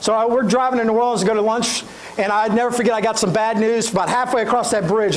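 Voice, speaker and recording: Middle-aged man, high voice, storytelling keynote, faint room noise. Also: fast, poor audio. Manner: animated, addresses audience directly. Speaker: motivational keynote speaker.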